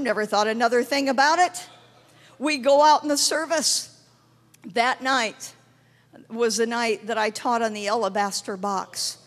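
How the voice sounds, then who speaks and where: A woman preacher tells a testimony in sermon style, her voice high and carrying. Her storytelling builds to shouted proclamations, and each word trails off into the long reverb of a big hall.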